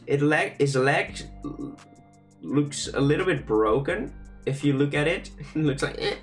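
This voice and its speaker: A man's voice: on the high side, lively intonation, unhurried, faint music behind. A young man casually chatting and joking with his chat as he draws live. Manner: playful, joking, reads chat aloud. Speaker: streamer drawing fan creatures live. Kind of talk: casual livestream chat while drawing.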